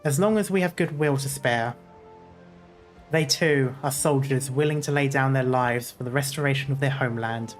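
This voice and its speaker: A man reading a video game's dialogue and narration aloud, earnest and steady with small slips. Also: medium pitch, normal speed, soft background music. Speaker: gaming YouTuber.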